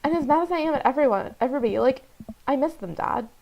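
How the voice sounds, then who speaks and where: A woman's voice: sits high, animated, fast, a little mellow, voice pushed up, poor audio. A woman voicing an upset teenage girl who rambles indignantly to her dad about her friends. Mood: hurt.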